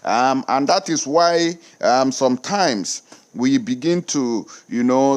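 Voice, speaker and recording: A man with a Nigerian accent hosting an online news commentary, mixing Pidgin and English in an animated way. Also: medium pitch.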